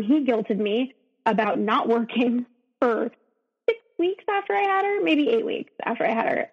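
A woman telling her own story as a podcast guest, earnest and emotional, often breaking off and restarting. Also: on the high side. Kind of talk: candid personal storytelling in an interview. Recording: dull, lo-fi sound.

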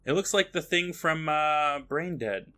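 A man co-hosting a podcast, retelling an episode with a lively, animated delivery and a fairly high voice. His tone is bright and forceful. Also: unhurried. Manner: lively retelling with frequent laughs. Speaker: podcast co-host. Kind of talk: casual recap and chat.

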